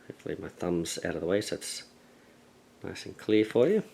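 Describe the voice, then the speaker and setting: Low-voiced man chatting through an unboxing. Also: a little fast, gravelly, slight background noise, poor audio. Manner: relaxed, thinks aloud with hesitant fillers. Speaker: board game channel host. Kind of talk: casual unboxing walkthrough. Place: at a table, handling game pieces.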